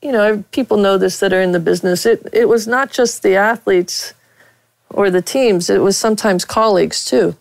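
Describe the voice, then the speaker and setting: Medium in pitch and gravelly, the woman speaks at normal speed in a dry, low-quality recording. She's a veteran sportswriter from Pittsburgh appearing as a guest, bluntly telling stories in a relaxed interview with plenty of fillers and laughs.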